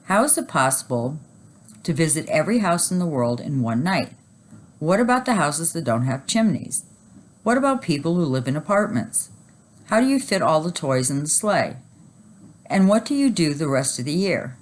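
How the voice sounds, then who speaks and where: A woman teacher reading a children's chapter book aloud, animated and expressive. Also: sits low, moderate pace.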